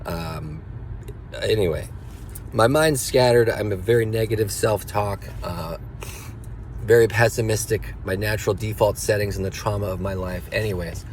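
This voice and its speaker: A man's voice: lowish voice, normal speed, a little mellow, slight background noise. A father talking alone in an earnest, confessional way, his voice rising as he gets emotional. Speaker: father sharing a personal reflection. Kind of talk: unscripted personal monologue. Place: car, after school drop-off.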